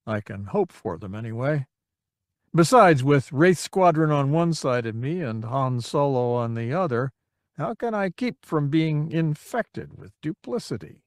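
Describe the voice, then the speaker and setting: A man voicing a relaxed, wry fighter commander in an audiobook, understated and dry. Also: on the high side, unhurried, no room sound. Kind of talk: audiobook character reading.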